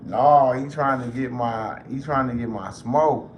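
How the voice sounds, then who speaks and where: A man's voice: mid-range voice, measured pace. Casual joking man in a roomy space. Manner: loose, joking, swears freely. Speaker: livestream host. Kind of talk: casual livestream chat. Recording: roomy echo with faint noise.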